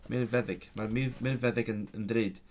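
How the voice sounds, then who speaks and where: A man practicing a new language aloud during a session. He speaks haltingly, restarts words and corrects himself, with English asides. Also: medium pitch, steady tone. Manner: hesitant, with many restarts and self-corrections.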